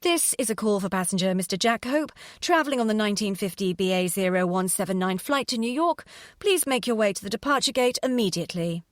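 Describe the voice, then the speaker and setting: A woman voicing a formal airport announcer reading boarding calls in a measured way. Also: medium pitch, animated, no echo, studio quality, lightly acted.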